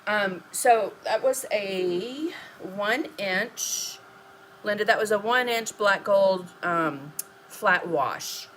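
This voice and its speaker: A woman's voice: medium pitch, very slow, a bit bright, slight background noise. A woman hosting a live mixed media art demonstration, chatting and thinking aloud as she works and answering viewer comments. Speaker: mixed media artist and host.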